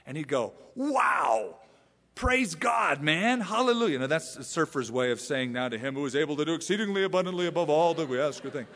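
Emphatic male pastor in a reverberant hall. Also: medium pitch. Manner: animated, emphatic, repeats phrases. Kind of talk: sermon. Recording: long reverb of a large church hall.

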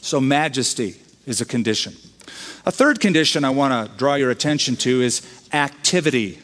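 A man's voice: medium pitch, lively intonation, normal speed, fairly bright tone, big-room sound. A man who is a pastor, preaching a sermon in a conversational way, bringing in humorous quoted voices.

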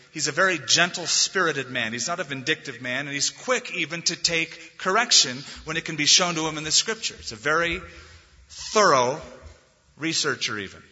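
A man pastor delivering a sermon, telling stories with animated delivery and rising loudly when quoting scripture. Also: on the high side, husky. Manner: animated storytelling, swelling loud on scripture quotes. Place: church sanctuary. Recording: dull lo-fi recording in a reverberant hall.

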